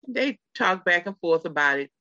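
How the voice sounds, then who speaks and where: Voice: mid-range voice, expressive, moderate pace, sharp tone, dry recording. A middle-aged podcast host telling a story in casual chat, talking straight to the listeners. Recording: slightly dull lo-fi sound.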